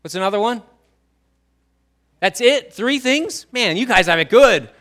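A man preaching a sermon in a church, swinging between loud emphasis and quiet low lines and drawing answers from the congregation. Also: expressive, a little slow. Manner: asks the congregation questions and writes on a whiteboard. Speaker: pastor.

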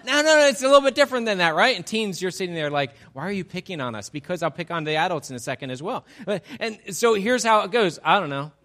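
A man preaching a sermon in a lively, conversational way, often asking his listeners rhetorical questions. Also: sits high, fast talker, few pauses. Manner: conversational, animated, asks the audience rhetorical questions. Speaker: pastor.

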